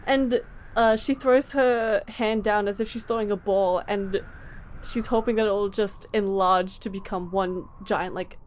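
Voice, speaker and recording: A woman playing a tabletop game, describing her character's actions and prone to excited exclamations. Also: medium pitch, unhurried, a little hiss or hum. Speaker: player. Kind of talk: casual tabletop play.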